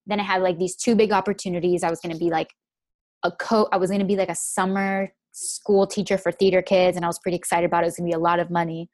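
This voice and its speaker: A woman's voice: fairly low pitch, little pitch movement, fast, a little mellow, no echo. A young woman telling a personal story in a chatty way, filling her speech with "like". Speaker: guest.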